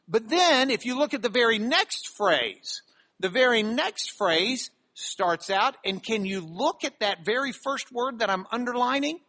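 A preacher giving an expository sermon who reads scripture aloud, leans hard on key words and sounds out Greek terms slowly. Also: medium pitch, animated, bright, forceful tone. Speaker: preacher teaching a Bible class.

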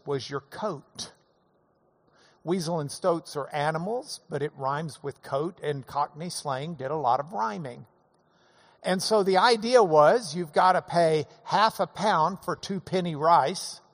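A man hosting a casual monologue, telling stories in a folksy, chuckling way. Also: fairly high pitch. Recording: long hall reverb.

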